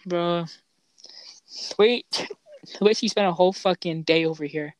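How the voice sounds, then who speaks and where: A man's voice: high-pitched, measured pace, no room sound. A young man who stutters, hosting a casual chat and telling profane, laughing stories full of fillers. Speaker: podcast host.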